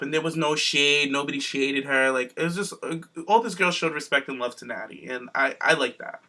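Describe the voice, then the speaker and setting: A man's voice: medium pitch, pushed and bright. A man co-hosting a podcast, giving sassy, profane commentary in casual chat. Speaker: podcast co-host.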